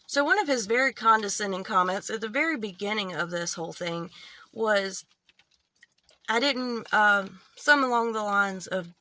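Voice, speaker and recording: A woman talking through online drama in a casual commentary, her voice bright and forward. She is blunt and exasperated, swearing freely as she rants. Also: on the high side.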